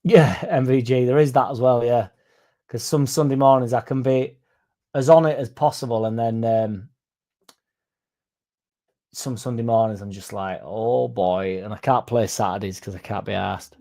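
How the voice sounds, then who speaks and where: A man's voice: mid-range voice, steady tone, moderate pace, long pauses, mellow. A young man with a Yorkshire accent hosting a casual livestream podcast, rambling and swearing freely as he reads out chat messages. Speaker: podcast host.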